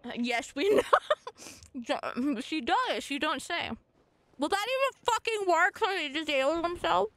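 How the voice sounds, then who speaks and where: A woman streaming a video game live, giving casual commentary in an excitable way, swearing often and erupting in frustrated outbursts. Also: very high-pitched, normal speed, no room sound.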